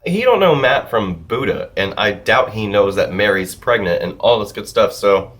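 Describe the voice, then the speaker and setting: Male TV reviewer, low voice, casual, profane, animated rambling. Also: moderate pace. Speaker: TV episode reviewer.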